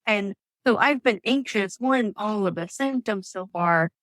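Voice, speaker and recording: A woman, telling her birth story as a podcast guest in an animated way, acting out quotes. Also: mid-range voice, a little slow, dry recording. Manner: animated storytelling, acts out quotes, laughs often. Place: Atlanta area.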